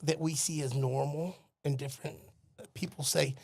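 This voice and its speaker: A man's voice: a little high, fairly even intonation, normal speed, darkish tone, no room sound. A man with a Southern US accent, a podcast guest, telling polite anecdotes in casual conversation. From American South.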